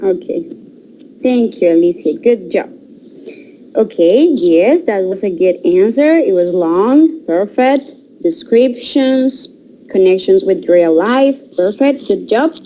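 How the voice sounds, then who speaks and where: Woman english teacher, mellow voice, slow, encouraging feedback. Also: mid-range voice, expressive, slight background noise, poor audio. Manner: encouraging, instructive. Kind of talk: online class feedback.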